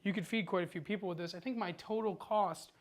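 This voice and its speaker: An upbeat woman hosts a casual cooking demonstration. She talks the viewer through the recipe step by step in a relaxed, chatty way. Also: medium pitch, fast. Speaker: cooking show host.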